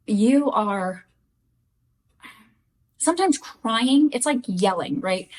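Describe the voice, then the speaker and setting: A middle-aged woman speaking candidly and earnestly to her viewers in a personal vlog, direct and heartfelt. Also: medium pitch. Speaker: widow sharing grief lessons.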